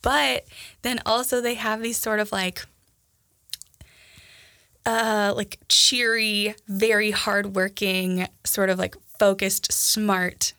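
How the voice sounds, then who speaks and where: A young woman with a Minnesota accent chats casually as a podcast co-host, rambling through fillers and restarts. Her voice has a gravelly fry, and the sound is close and dry. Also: mid-range voice, level tone, takes it slowly, pushed and bright, dry recording. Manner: chatty, many fillers and restarts. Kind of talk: casual chat.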